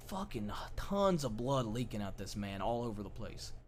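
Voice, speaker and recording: A man's voice: big pitch swings, normal speed, a little hiss or hum. Profane man spinning an outlaw tale. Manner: rough, profane outlaw storytelling, drops low and quiet. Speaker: roleplay game player. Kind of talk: in-character storytelling in roleplay.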